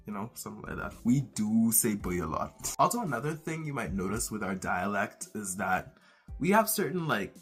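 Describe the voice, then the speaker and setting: A young man from the Bahamas with a Bahamian accent and a raspy voice, hosting his own channel in a relaxed, casual way with many fillers. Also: lowish voice, normal speed, soft background music. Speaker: channel host. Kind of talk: casual vlog monologue.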